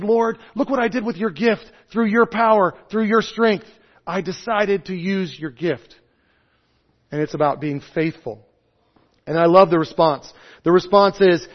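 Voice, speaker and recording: A man in his thirties or forties preaching a sermon, stressing points loudly and then dropping to soft, low asides. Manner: emphatic, swings between loud stresses and soft low asides. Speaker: pastor. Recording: dull lo-fi sound.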